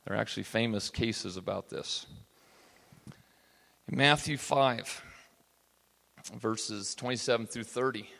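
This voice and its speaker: A man's voice: lowish voice, a little slow, vocal fry, long pauses, sharp tone. Man teaching a Bible class in a reverberant hall. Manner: conversational, often checks in with "right?".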